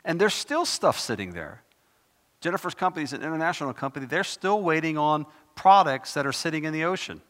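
A man's voice: on the high side, lively intonation, a little fast. A man preaching on scripture, reading verses with rising passion and breaking into conversational asides. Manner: impassioned, rising loud when reading scripture. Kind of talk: Bible teaching sermon. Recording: long hall reverb.

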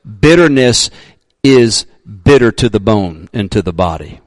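A male pastor preaching a sermon, emphatic, sometimes shouting his readings, joking about himself. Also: lowish voice, animated, a little slow, no echo.

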